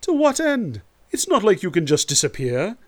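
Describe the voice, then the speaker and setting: An actress playing a stern, reproachful keeper of an old prophecy in an audio drama. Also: female voice, mid-range voice, huge pitch swings, normal speed, no echo, clean studio sound. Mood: insistent.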